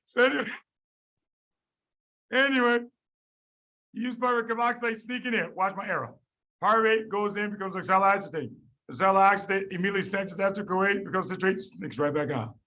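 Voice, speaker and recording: A middle-aged man lecturing medical students in an animated, folksy, joking storytelling way. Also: high-pitched, brisk, pauses often, low-quality recording. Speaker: medical school biochemistry lecturer.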